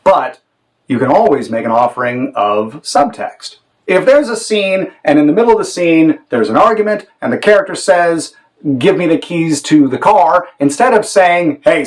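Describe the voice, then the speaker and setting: A man teaching theater directing in a measured, demonstrative way, now and then acting out sample lines. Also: on the high side, poor audio. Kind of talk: instructional talk on directing.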